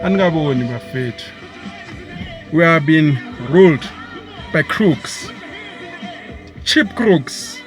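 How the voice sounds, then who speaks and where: Fiery high-voiced South African man ranting. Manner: impassioned and scornful, mixing isiZulu into English. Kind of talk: political rant to camera.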